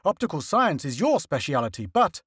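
A man's voice: a little high, very animated, normal speed, a bit bright, husky, no echo, studio quality, full character voice. A man voicing an imperious, wealthy male newspaper magnate who fires off demanding, impatient questions. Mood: brisk, demanding.

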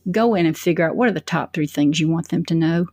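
A woman's voice: low-pitched, fast talker, darkish tone, dry recording. A woman answering interview questions as a public speaking coach, telling stories energetically with quoted asides.

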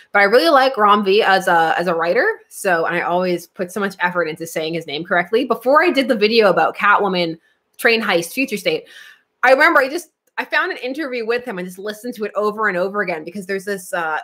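A woman with a medium-pitched, slightly bright voice hosts a live comics stream, answering chat casually. She giggles often and thinks aloud while looking things up at her computer.

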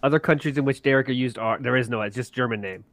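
A man's voice: medium pitch, fast, fairly bright tone, dry recording, faint music behind. Man announcing a podcast segment, dry close mic. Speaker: podcast host. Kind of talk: casual podcast chat.

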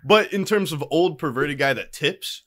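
An animated young man chatting on a podcast, his pitch swinging lively up and down. He talks in a bright, forceful voice, laughs often and slips into other people's voices as he tells a story. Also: normal speed. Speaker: podcast co-host. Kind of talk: casual chat, storytelling.

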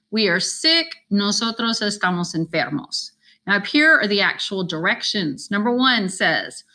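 Chatty woman teacher, bright voice. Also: mid-range voice. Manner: chatty, repeats directions step by step. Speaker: Spanish teacher. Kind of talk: screen-recorded lesson walkthrough.

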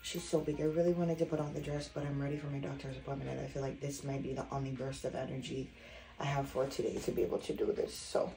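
A woman's voice: rumbling low, flat delivery, quick pace, gravelly, dark tone, soft background music, low-quality recording. A pregnant woman in her twenties, from Jamaica, talking candidly and out of breath in a casual vlog. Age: 20s. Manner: candid, chatty, unfiltered. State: out of breath, tired. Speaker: vlogger.

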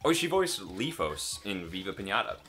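A man making relaxed, amused side remarks while his friend plays a game. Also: deep voice, normal speed, soft background music. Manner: relaxed, amused, chuckling asides. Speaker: let's play co-host. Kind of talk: casual gameplay banter.

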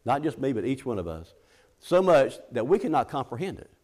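A man's voice: medium pitch, sing-song, brisk, darkish tone. Folksy middle-aged man preaching. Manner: folksy, conversational preaching with frequent restarts; acts out scripture quotes. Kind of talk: sermon.

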